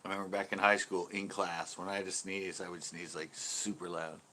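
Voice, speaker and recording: A fishing channel host with a low voice that barely moves in pitch talks briskly, sounding pushed and bright over slight background noise. On a casual live stream he rambles through stories, laughs a lot, and reads viewer chat aloud.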